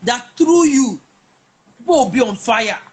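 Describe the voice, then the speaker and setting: Unhurried and a little mellow, a woman with a slightly high voice and lively intonation shares her personal story as a conversation guest. She's emphatic, repeating words and restarting frequently, with slight background noise.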